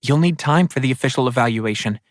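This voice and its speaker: A man voicing an earnest, practical young woman in an audiobook, explaining things briskly. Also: medium pitch, no echo, studio quality, pitched above the performer's own voice, natural voice. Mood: urgent. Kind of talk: audiobook character voice.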